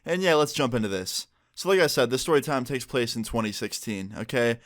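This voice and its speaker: Animated man telling a storytime. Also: medium pitch, a little fast. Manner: animated, conversational, lots of "like". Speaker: vlogger. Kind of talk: casual storytime narration.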